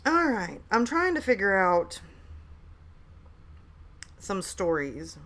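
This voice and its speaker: This woman's mid-range, fairly bright voice moves slowly with big swings in pitch. She's casually chatting on a home live stream, hyper and talkative while reading chat messages, using a desk mic at her laptop.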